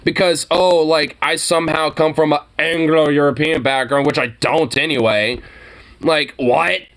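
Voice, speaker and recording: A man's voice: on the high side, fairly even intonation, a little slow, a bit bright. Profane ranting young man. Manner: profane, ranting, laughs often. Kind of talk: casual reaction commentary.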